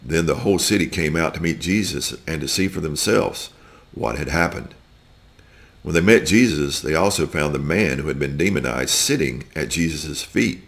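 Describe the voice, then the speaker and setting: Very deep, gravelly man reading scripture. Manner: slow, deliberate reading with small slips. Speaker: scripture reader. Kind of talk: reading aloud a scripture story.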